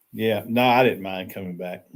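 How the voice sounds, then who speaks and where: A man hosting a casual morning chat livestream from a small shed, greeting viewers by name and laughing often. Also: fairly low pitch. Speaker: livestream host. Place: small shed used as a tiny house.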